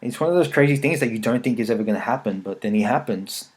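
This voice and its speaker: A man's voice: mid-range voice, lively intonation, quick pace, a little mellow. A man, hosting a podcast and telling rambling, jokey stories laced with swearing. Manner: rambling, profane, jokey storytelling. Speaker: podcast host. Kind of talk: casual chat.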